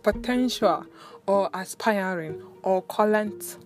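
Animated Nigerian woman vlogger. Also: medium pitch, slow. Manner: animated, laughs often, repeats words. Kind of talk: casual chatty storytelling. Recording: music playing underneath. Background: background music.

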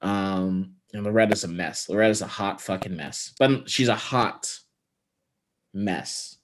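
Lower-voiced dude recapping a movie plot on a podcast, kinda sarcastic. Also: male voice, measured pace. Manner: wry plot summarizing with sarcastic asides. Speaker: podcast co-host. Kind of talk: casual chat recapping a movie.

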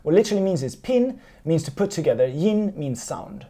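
Mellow, easygoing tutor; conversational, digressive, quick to laugh. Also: mid-range voice, sing-song. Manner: chatty, digressive, laughs easily. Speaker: language teacher. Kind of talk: casual spoken lesson.

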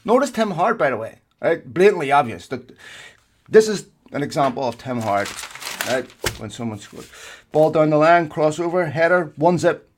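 Male podcast co-host, heated casual chat, animated rants and swearing, slightly higher-pitched voice.

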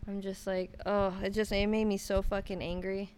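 A woman's voice: mid-range voice, level tone, moderate pace, a little mellow, slight background noise. A young woman chatting casually, telling a story bluntly and swearing a lot. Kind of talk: casual chat.

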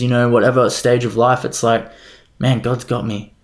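A man's voice: medium pitch, little pitch movement, moderate pace. A young man casually sharing his faith story, earnest and rambling, with lots of "like" and "you know". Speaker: guest sharing faith testimony. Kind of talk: casual faith testimony chat.

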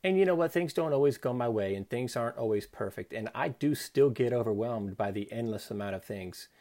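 Male speaker, earnest devotional talk, reflective delivery with soft quoted lines. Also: mid-range voice, expressive, fairly quick. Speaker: Christian speaker.

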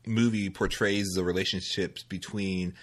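Casting: very low-voiced male podcast co-host, loose rambling delivery, quick to laugh. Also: fairly even intonation. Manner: rambling, filler-heavy, laughs easily. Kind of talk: casual film discussion.

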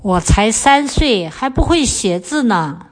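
Middle-aged woman reading lesson examples, a bit high, calm and steady. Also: unhurried. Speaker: guest, the host's mother.

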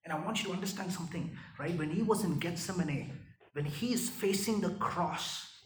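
A man preaching a sermon, swinging from loud impassioned rises to hushed near-whispers, often asking "right?" and calling listeners "my friend". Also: sits high, moderate pace, roomy sound, recorded from a distance, low-quality recording. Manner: peppers points with "right?" and "my friend".

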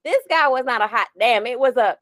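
A woman in her forties chats on a podcast with a higher-than-usual voice that rises and falls a lot. She tells stories with plenty of laughter and wanders onto side topics. The sound is close and dry. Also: a little fast, no room sound. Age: 40s. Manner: animated, laughing storyteller who drifts off on tangents. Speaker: podcast co-host. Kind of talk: casual chat.

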